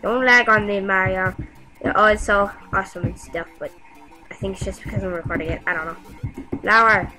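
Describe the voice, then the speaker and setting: A woman giving casual gameplay commentary, excitable and talking back to the game with frequent yelps and exclamations. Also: mid-range voice, normal speed, music in the background, rough recording. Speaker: gamer.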